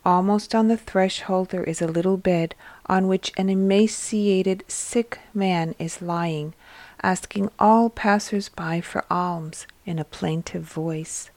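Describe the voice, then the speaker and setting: A woman hosting and reading a devotional religious text aloud in a gentle, measured way. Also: fairly low pitch, steady tone, dry recording. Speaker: host and reader.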